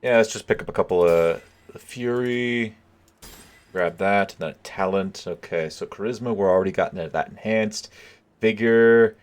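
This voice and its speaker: A man giving relaxed, chuckling commentary while playing a video game for viewers. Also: lowish voice, normal speed. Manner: laid-back, chuckling, talking to viewers. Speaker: let's play gamer. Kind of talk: casual gameplay commentary.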